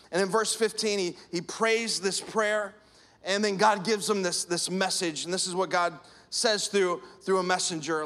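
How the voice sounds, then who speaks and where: High-voiced pastor preaching conversationally. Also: male voice, fairly bright tone. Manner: conversational preaching with acted-out anecdotes. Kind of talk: sermon.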